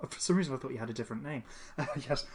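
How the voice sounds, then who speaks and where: A man's voice: mid-range voice, rapid-fire, a little hiss or hum. A man chatting casually as a podcast co-host, rambling with many restarts and fillers. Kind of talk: casual chat.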